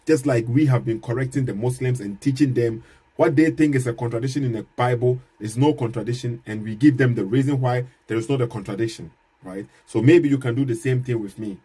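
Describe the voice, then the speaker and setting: Man, husky mellow voice, measured apologist vlog delivery, repeats himself for emphasis. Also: medium pitch. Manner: measured, repeats points, rhetorical questions, dry chuckles. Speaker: Christian apologist vlogger. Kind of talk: casual argumentative commentary to camera.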